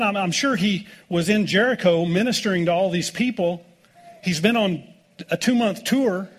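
Husky, high-voiced folksy cowboy preacher. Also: male voice. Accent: American. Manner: folksy, joking storytelling with laughs. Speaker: pastor. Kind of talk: sermon.

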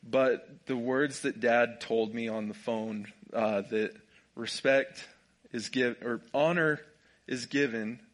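A young man with a drawl, telling a personal story in a relaxed, jokey way and laughing often. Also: mid-range voice, slow. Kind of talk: casual storytelling.

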